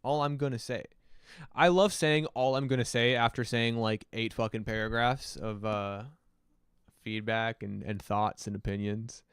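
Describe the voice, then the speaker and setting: A man hosting a livestream, reviewing music submissions in a loose, rambling way, swearing often and filling pauses with ums and uhs. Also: lowish voice, fairly even intonation, a bit bright, smooth, no echo, clean studio sound. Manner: loose, rambling and profane, many fillers. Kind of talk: casual livestream commentary.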